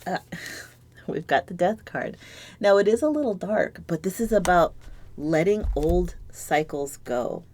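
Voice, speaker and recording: A woman with a low voice reads tarot cards on her own. She speaks softly and reflectively, often dropping to a near-whisper. She sounds moved and searches for the right words as she goes. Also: expressive, a little slow, slight background noise. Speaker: tarot reader. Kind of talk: solo tarot reading to camera.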